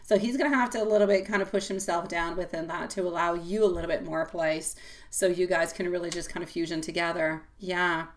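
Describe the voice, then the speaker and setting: A woman hosting a live tarot reading, talking casually and warmly to viewers and calling them sweetie pie, with many fillers and frequent laughs. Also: lowish voice, fairly even intonation, fairly quick. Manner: chatty and affectionate, calls viewers sweetie pie; laughs often, loose rambling talk with fillers.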